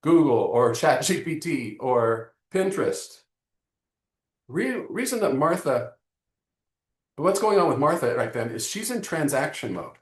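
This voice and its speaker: A man's voice: on the high side, a little slow, reverberant. Joking man hosting an online lesson. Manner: animated, joking, addresses the audience directly. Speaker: webinar host. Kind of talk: live online marketing lesson.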